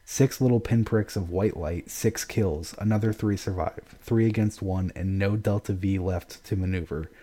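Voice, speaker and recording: A man's voice: deep voice, moderate pace, hardly any pauses, warm tone. A man reading a novel aloud with dramatic first-person narration and casual asides.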